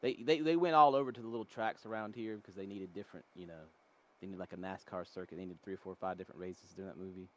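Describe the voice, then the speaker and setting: Low-voiced man telling rambling stories. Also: steady tone, racing. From North Carolina. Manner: rambling, tangent-prone storytelling. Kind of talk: casual chat.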